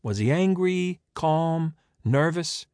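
A man's voice: on the high side, animated, slow pace, a little mellow, smooth, no echo, voice pushed up. A man voicing a dry, sarcastic woman who is being questioned again, giving curt answers. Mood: wry. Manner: sardonic, curt replies.

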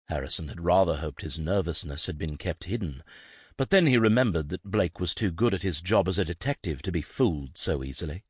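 A man narrating a novel in an expressive, scripted reading. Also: deep voice, moderate pace, husky, no room sound, studio quality. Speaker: audiobook narrator.

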